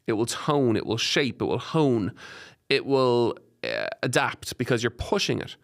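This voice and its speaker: An Irish man hosts a fitness podcast from a studio, his voice at a middle pitch with a gravelly edge. He coaches listeners with energy and encouragement, piling up examples in quick lists. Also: very animated. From Ireland. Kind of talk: solo podcast advice talk.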